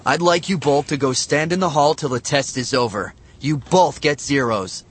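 A strict male schoolteacher who speaks sharply and firmly, played by a man reading a story. He is stern and leaves no room for argument, in a voice of ordinary pitch. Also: normal speed, slightly rough.

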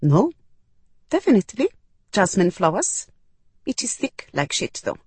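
A woman's voice: medium pitch, very animated, measured pace, a little mellow, husky, no echo, voice pushed up, full character voice. A woman voicing a blunt, curious woman in a crowd who gossips, in a storybook reading.

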